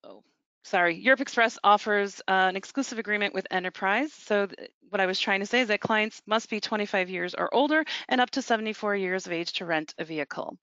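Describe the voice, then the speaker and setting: A North American woman presenting for a travel company in a webinar, speaking in a brisk, salesy way with small slips. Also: mid-range voice, fairly bright tone, clean tone, no echo. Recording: dull lo-fi webinar audio.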